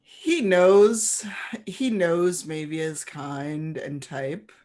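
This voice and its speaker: Woman, game master, lowish pitch, relaxed, chatty, laughs easily. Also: extremely slow. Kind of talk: narrating a tabletop game.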